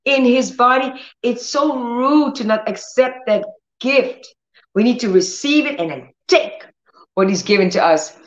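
A woman's voice: on the high side, animated, unhurried. A woman hosting a healing ministry stream, preaching and praying with bold commanding declarations. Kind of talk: livestream preaching and prayer. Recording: roomy, dull lo-fi stream audio.

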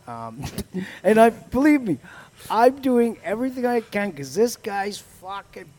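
A man's voice: high voice, big pitch swings, unhurried, a little mellow. A man co-hosting a podcast, telling a story in casual, profane chat and acting out both sides of the dialogue. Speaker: podcast co-host.

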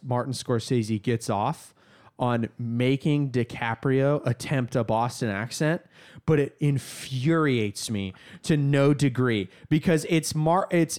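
A man's voice: medium pitch, a little mellow. A man co-hosting a podcast, ranting with exaggerated, vitriolic complaints in casual chat. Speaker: podcast co-host.

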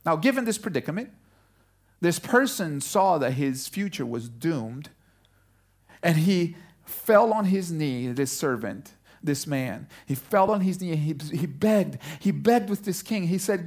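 Animated storytelling male pastor. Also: high-pitched. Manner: animated storytelling, slowing down for emphasis. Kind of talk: sermon.

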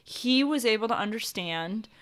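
A woman's voice: a little high, animated, moderate pace. A woman in her thirties chatting casually about her children, telling stories with laughs. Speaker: parent on a podcast. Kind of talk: casual chat.

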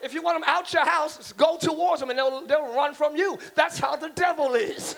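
A male pastor with a very high, gravelly voice preaches to a live congregation. He builds from low asides to shouted peaks and has them repeat lines back to him. A faint hum of the church hall sits under him. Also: normal speed. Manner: preaches with rising shouts and audience call-and-response.

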